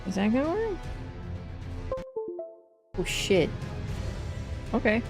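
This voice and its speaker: A woman's voice: fairly high pitch, sing-song, slow pace, music in the background. A woman livestreaming a game, chatting casually to her viewers in a rambling, joking way that is full of swearing. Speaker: gaming livestreamer. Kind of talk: casual stream chat.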